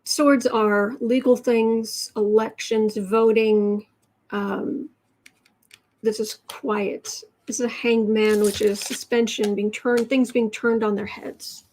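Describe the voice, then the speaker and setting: A woman hosting a live tarot reading, musing aloud over the cards and answering chat in halting, drawn-out phrases. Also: a little high, little pitch movement, darkish tone. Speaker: tarot reader and channel host.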